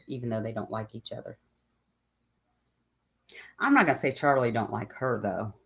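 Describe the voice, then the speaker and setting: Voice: mid-range voice, vocal fry, breathy edge. Rambling, chatty channel host. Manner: rambling, chatty, many fillers. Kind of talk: casual livestream chat.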